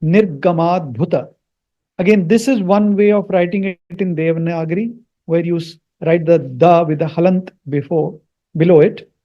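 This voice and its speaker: A man's voice: high-pitched, steady tone, normal speed, muffled recording. A man teaching the pronunciation and meaning of Sanskrit mantras, patiently repeating words and checking in with "Hmm?". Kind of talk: explaining and pronouncing mantras.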